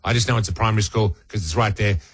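A man's voice: on the low side, fast, breathy edge, dry recording. Aussie radio guy rambling through a story, laughs at himself, dry studio sound. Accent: Australian. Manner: rambling, self-mocking, many restarts. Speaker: radio host. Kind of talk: casual storytelling chat.

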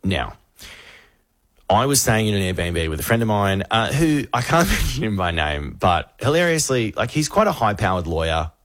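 Aussie radio guy, low voice, animated storyteller, dry studio mic. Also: moderate pace, no echo. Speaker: radio show host. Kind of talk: lively radio banter and storytelling.

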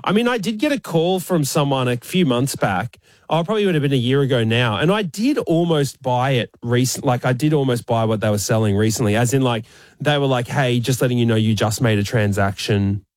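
Lively male co-host. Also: mid-range voice, dry recording. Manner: joking, quick laughs. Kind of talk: casual radio-style banter.

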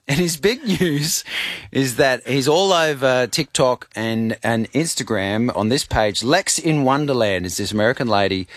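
A man hosting morning radio, his pitch swinging a lot as he teases his co-host. He laughs easily, with a faint hiss in the background. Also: expressive, moderate pace, a bit bright.

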